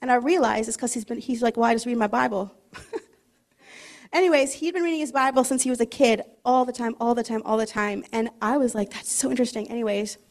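A middle-aged woman giving a casual, chatty sermon, joking at her own expense and reading scripture slowly. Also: a little high. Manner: chatty and self-deprecating, laughs often, reads scripture slowly. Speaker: preacher.

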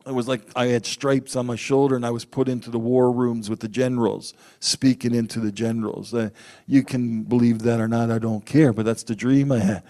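A man preaching a sermon, telling personal stories in an animated way and acting out the quotes loudly. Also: medium pitch, fairly quick.

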